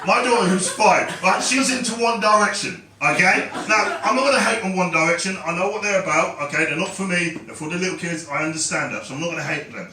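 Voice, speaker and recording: Man, stand-up comic, animated high voice, roomy club sound with crowd laughing. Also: quick pace, hardly any pauses, far from the mic. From London. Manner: chatty, banters with the crowd, lively delivery. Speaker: stand-up comedian. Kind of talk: stand-up comedy set. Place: comedy club stage. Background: audience laughing and clapping.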